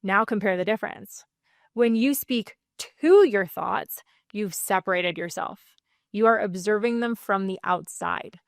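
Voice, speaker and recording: Soft-spoken woman sleep coach, dry sound. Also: mid-range voice, measured pace, gravelly, dry recording. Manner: soothing, gently firm, laughs lightly between points. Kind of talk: calm self-help teaching to camera.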